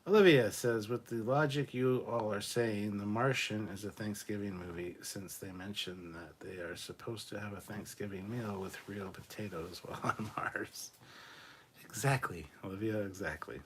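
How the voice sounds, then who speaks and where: A man in his forties with a fairly low voice chats casually on a livestream. He reads viewer comments aloud in an offhand, easygoing way, tossing in fillers and the odd swear word. Faint background noise sits under his voice. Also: normal speed. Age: 40s. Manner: laid-back and offhand, with frequent fillers and swearing. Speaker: podcast co-host.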